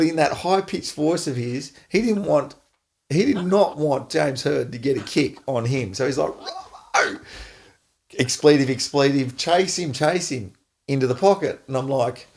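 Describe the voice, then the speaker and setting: A middle-aged Australian man hosting a podcast, an animated storyteller who laughs often. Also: medium pitch, vocal fry, a little hiss or hum. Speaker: podcast host, former footballer. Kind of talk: casual storytelling chat.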